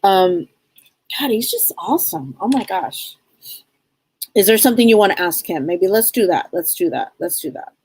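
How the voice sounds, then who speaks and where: A woman giving a psychic reading on a live stream, talking in a rambling, halting way with many restarts. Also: medium pitch, animated, a little mellow, breathy edge. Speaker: psychic medium.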